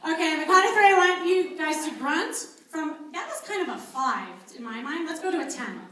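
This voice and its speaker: A woman's voice: high voice, expressive, a little fast, pushed and bright. A woman coach leading an audience through an exercise, coaxing and counting aloud. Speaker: dating coach guest. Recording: echoey room from far off, audience. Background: studio audience.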